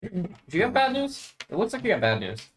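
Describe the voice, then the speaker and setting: A man's voice: high-pitched, huge pitch swings, a little fast, a little hiss or hum. A man playing a tabletop game, asking anxious, joking questions. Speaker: player. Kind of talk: casual tabletop play.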